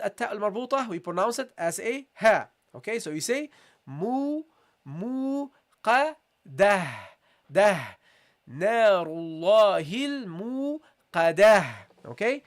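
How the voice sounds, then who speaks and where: A man's voice: high voice, fairly bright tone. Brief: male recitation teacher, patient step-by-step tajweed lesson, stretches syllables when modeling, calls his students "guys". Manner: explains step by step, drawing out syllables slowly as models; often says "okay" and addresses listeners as "guys".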